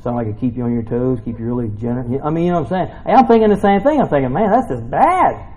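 A man's voice: medium pitch, racing, dark tone, highs cut off. A man giving a casual, jokey sermon in a church, rambling into asides between scripture readings. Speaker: preacher.

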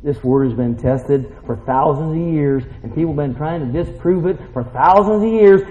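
A male pastor preaching a sermon in a church, folksy and casual, swinging from hushed asides to excited outbursts. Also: medium pitch, normal speed. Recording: roomy, dull hall sound.

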